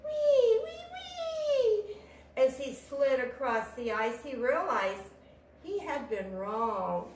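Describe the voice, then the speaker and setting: Reading a children's picture book out loud, a woman with a slightly high voice takes it slowly and animatedly, sound effects included. There's a bit of background noise, and the echoey room and distant mic give the recording an open sound.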